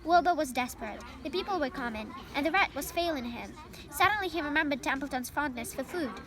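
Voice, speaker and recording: A woman's voice: high-pitched, lively intonation, a little fast. A young woman from Ukraine, a native Ukrainian speaker, carefully reading a children's novel aloud in English with small slips. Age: young adult. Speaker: reader.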